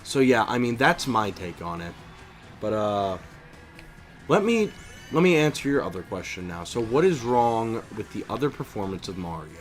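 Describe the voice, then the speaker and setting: A young man streaming a video game, chatting casually in an animated, opinionated way, with lots of fillers and restarts. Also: on the low side, normal speed, faint music behind. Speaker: streamer and voice impressionist. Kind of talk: casual chat while gaming.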